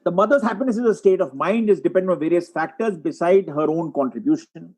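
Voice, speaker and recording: A man giving a webinar lecture as a psychiatrist, walking through case examples and often clearing his throat. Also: high-pitched, fast talker, a little mellow, poor audio. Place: online webinar.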